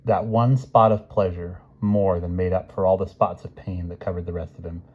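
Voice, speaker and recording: A man calmly reading a novel chapter aloud. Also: sits low, a little fast, slightly rough, phone-quality sound. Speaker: reader.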